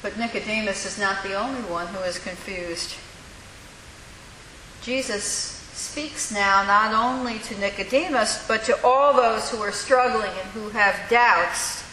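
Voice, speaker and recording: A woman preaching a sermon in a church, telling the story with lively, acted-out voices. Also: medium pitch, a little slow. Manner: animated storytelling, acting out voices. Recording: echoey hall with faint hiss.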